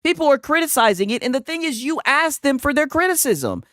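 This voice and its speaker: A man reacts to a clip on his stream in casual commentary, mocking it, laughing, throwing around lots of slang, and replaying and repeating lines. His extremely high, sing-song voice is pushed and bright and fairly quick. The studio-quality audio has no room sound.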